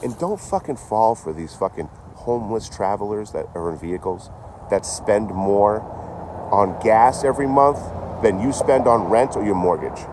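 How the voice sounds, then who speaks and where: A man's voice: fairly low pitch, animated, normal speed. A middle-aged man livestreaming outdoors, chatting casually and profanely in a rambling way and laughing at his own jokes. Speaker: traveling livestreamer. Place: outdoors by a rail yard office. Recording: outdoor street noise. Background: traffic and street noise.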